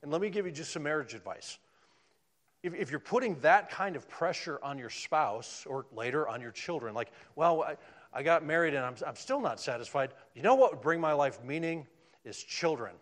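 Male preacher, sermon, animated delivery, somewhat high voice, loud peaks and soft drops. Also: moderate pace. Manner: animated, swings from loud emphasis to hushed near-whispers.

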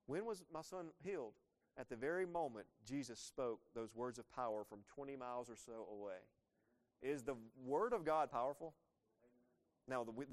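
A man in his thirties preaching a sermon, talking conversationally and asking the listeners rhetorical questions. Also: medium pitch. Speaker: pastor.

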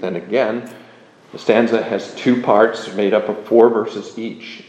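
A man giving a classroom lecture, speaking in a measured, deliberate way with pauses and fillers. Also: on the low side, steady tone, darkish tone, dull audio. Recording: echoey room, faint room noise.

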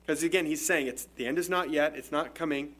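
A man's voice: on the high side, a little fast, fairly bright tone. A pastor with a slightly raised voice preaches a verse-by-verse sermon. He talks conversationally, explaining as he goes and often restarting a phrase mid-thought. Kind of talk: expository sermon.

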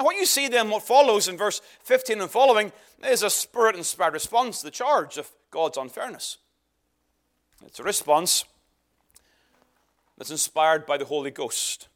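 A man's voice: high voice, fairly bright tone. A man preaching a sermon, emphatic and earnest, often repeating words for stress. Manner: emphatic, varied delivery with repeated phrases.

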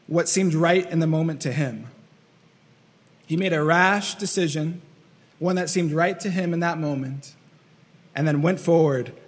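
A man's voice: a little high, long reverb tail. A man preaching a sermon in an earnest, repetitive way, acting out the voices he quotes. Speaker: pastor.

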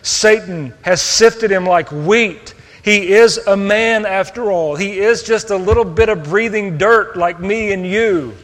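A man preaching a sermon, earnest, moving between hushed tender passages and raised emphatic ones. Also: high-pitched, measured pace, hardly any pauses. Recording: long reverb of a hall.

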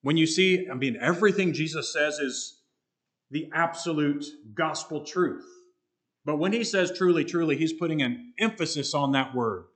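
Earnest male preacher, emphatic slow stresses. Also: on the high side, a bit bright. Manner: earnest, emphatic, slows down to stress key words. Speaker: pastor. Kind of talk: expository sermon.

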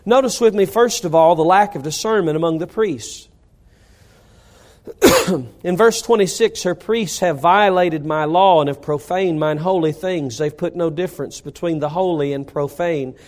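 High-voiced man preaching a sermon. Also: moderate pace, a little mellow. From North Carolina. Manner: preaching with rising emphasis. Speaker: pastor.

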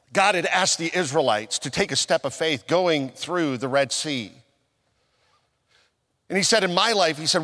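A male pastor preaching a sermon, telling a personal story and acting out his own past conversations, with swings from loud emphasis down to near-whispers. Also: sits high, long reverb tail.

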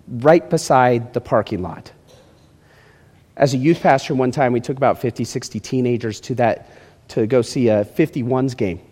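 A man preaching a sermon as pastor, animated, acting out little scenes and speaking straight to his congregation. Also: mid-range voice. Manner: animated, acts out quotes, addresses congregation directly. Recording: reverberant hall.

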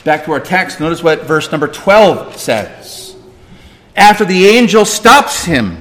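A man's voice: on the high side, big pitch swings, unhurried, fairly bright tone, big-room sound. A man pastor preaching a sermon, emphatic and repetitive, questioning the congregation and answering himself.

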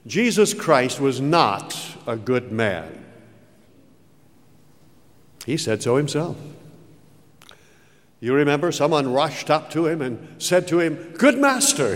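A man preaching a sermon, slow and emphatic, with big dramatic rises and falls in his voice. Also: medium pitch. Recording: long hall reverb.

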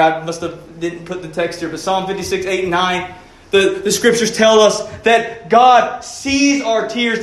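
A man's voice: sits high, fairly bright tone, reverberant. A man preaching a sermon as pastor, earnest and pleading, asking his listeners questions.

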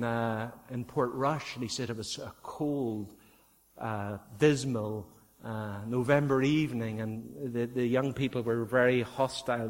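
A man with a Northern Irish accent preaching a sermon, earnest and repeating key phrases for emphasis. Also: mid-range voice. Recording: long hall reverb.

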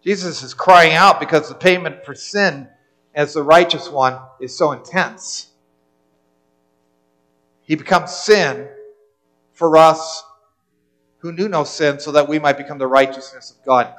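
Male pastor with a high voice, earnest sermon delivery. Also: a little slow, pauses often, fairly bright tone, poor audio. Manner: earnest preaching, repeats words when restarting.

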